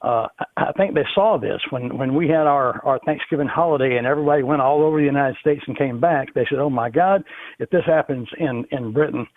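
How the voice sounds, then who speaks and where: A man calling into a talk show who speaks haltingly and stops often on "uh". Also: medium pitch, dry recording. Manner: halting, with many uh fillers. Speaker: caller. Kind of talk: phone-in call. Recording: tinny phone line.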